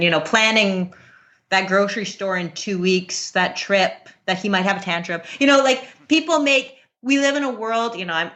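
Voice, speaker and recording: A woman with a bright, clear voice talks through parenting ideas in an earnest, chatty way. She laughs easily and keeps a casual interview tone. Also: medium pitch. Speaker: podcast guest, parenting coach.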